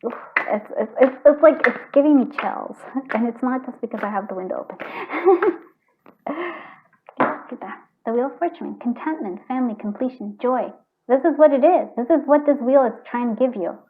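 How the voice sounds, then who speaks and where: A woman's voice: fairly high pitch, animated, moderate pace, slight background noise. A woman doing a casual tarot card reading, chatty and earnest, thinking aloud and restarting her sentences. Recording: tinny phone-like sound.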